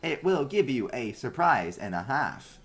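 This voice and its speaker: A man's voice: medium pitch, big pitch swings, measured pace, fairly bright tone, pitched above the performer's own voice. A man voicing a small, eager, polite robot runner bot that beeps and stammers through its sales patter. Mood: chirpy.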